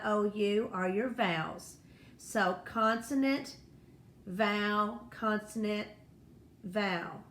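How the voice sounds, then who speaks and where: A woman with a fairly bright, mid-range voice leads a first-grade lesson on spelling and phonics, gently encouraging the little ones. Faint noise and echo fill the room.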